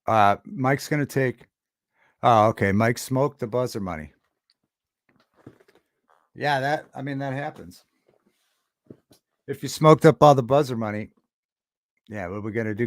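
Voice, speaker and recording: A man hosting a casual livestream, rambling and halting as he reads chat and greets viewers. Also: medium pitch, dry recording, studio quality. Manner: rambling, halting, with many restarts and chat shout-outs. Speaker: livestream host.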